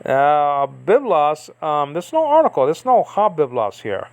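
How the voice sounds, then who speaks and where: A man's voice: on the high side, sing-song, a little slow, creaky, dry recording. A man giving a casual, rambling Bible study lesson, thinking aloud with many fillers and asides. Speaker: Bible teacher.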